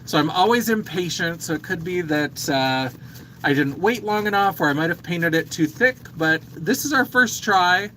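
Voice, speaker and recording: A man's voice: sits high, animated, normal speed, sharp tone, a little hiss or hum, poor audio. A man in his thirties hosting a casual makeup livestream, chatting and reading viewer comments aloud. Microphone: phone.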